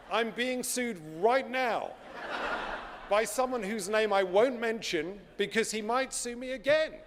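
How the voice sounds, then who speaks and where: A man delivering a formal prepared speech, deliberate and emphatic, with dramatic pauses. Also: sits high, big-room sound, noisy background. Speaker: speaker.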